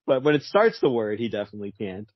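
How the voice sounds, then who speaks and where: Husky-voiced man, wry and laughing. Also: fairly low pitch, sing-song, fast talker, dry recording, muffled recording. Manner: wry, laughs often, short agreeing replies. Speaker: podcast co-host. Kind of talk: casual comic book discussion.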